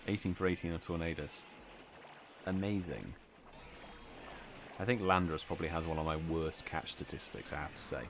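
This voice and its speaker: A tired British man hosts a casual live stream, chatting with viewers, reading out their messages, yawning and laughing. His voice is a rumbling low, at normal speed with frequent pauses, and there is background noise.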